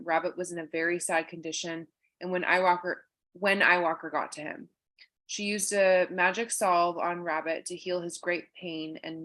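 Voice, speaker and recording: A woman's voice: fairly low pitch, fairly bright tone. A woman guest reading a spiritual card story aloud and chatting in an earnest, reflective way.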